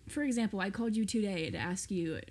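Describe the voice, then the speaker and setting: Soft, breathy young woman chatting. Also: mid-range voice, animated, quick pace. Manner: soft-spoken, giggly, teasing. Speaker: podcast co-host, daughter. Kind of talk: casual chat.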